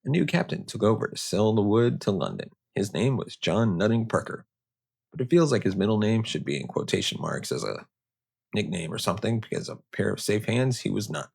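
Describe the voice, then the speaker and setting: A man's voice: on the low side, animated, fairly quick, gravelly, darkish tone, husky. A man hosting a history podcast, telling the story casually with sarcastic, joking asides. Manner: casual, sarcastic, riffing off-script. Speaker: podcast host.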